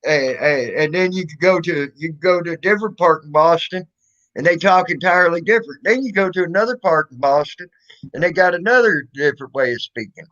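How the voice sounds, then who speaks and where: Man, Southern accent, crude joking chat, highish voice, dull lo-fi audio. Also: expressive, brisk, fairly bright tone. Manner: crude, joking, stumbling restarts. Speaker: stream host. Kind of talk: casual chat.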